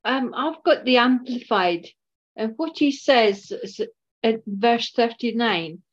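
A woman in a Bible study group reading a passage aloud slowly and carefully. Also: on the high side. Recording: dull lo-fi recording.

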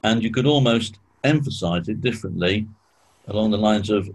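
A man teaching a small group in an informal Bible study, explaining slowly and asking questions, clearing his throat often. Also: lowish voice, rough recording.

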